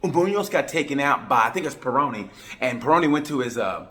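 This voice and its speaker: A man from Oklahoma with an Oklahoma accent, giving a rambling, jokey race review with sudden loud bursts. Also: mid-range voice, animated, fairly quick. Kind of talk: comedic sports commentary.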